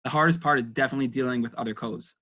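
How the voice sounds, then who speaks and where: A man's voice: medium pitch, rapid-fire, bright, forceful tone. A young man speaking as a guest in a casual interview, answering in a thoughtful way with many fillers.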